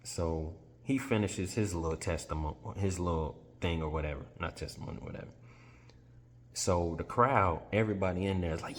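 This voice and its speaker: A man with a very deep voice retells a story in a casual, chatty manner. He is animated and keeps correcting himself mid-sentence. A long reverb hangs on his voice. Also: moderate pace, a little hiss or hum.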